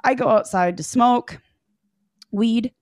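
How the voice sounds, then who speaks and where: A woman's voice: on the high side, slow pace, a little mellow, no room sound, studio quality. A young woman telling a story on a podcast in a breezy, profane, chatty way.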